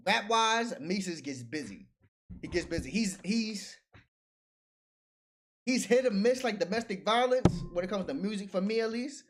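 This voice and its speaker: A man's voice: high-pitched, animated, measured pace, a little hiss or hum. A man hosting a casual livestream, talking in slang, reading chat aloud and laughing often.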